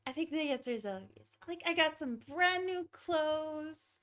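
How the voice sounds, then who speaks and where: A young woman streaming a game, chatting easily and giggling while she talks to her pets. Her voice is high, and she speaks at a slow, unhurried pace. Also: animated, a bit bright. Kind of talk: casual chat during a game stream.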